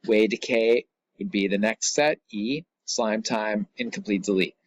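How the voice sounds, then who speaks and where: A man's voice: fairly low pitch, a little slow, dry recording. A middle-aged man teaching a recorded lesson, explaining a poem in a casual, chatty way with asides.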